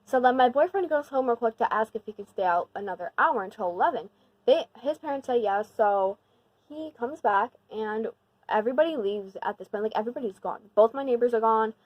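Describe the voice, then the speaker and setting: Young woman vlogger, fairly high voice, slangy and rambling, emphatic storyteller, dry close sound. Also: brisk, no room sound, dull audio. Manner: slangy, rambling, heavy use of "like"; animated and emphatic when retelling the scary part. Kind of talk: casual storytime.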